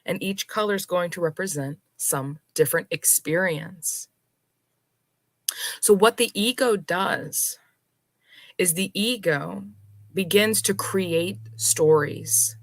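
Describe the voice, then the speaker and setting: A woman hosting a live spiritual talk, unhurried and reflective, speaking to her viewers with soft laughs and pauses. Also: on the low side, no room sound.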